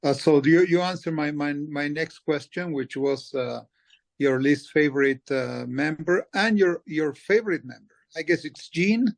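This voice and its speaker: Man, podcast host, slow halting questions, gravelly, slightly high. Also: steady tone. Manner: halting, repeats words while asking. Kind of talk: interview questions.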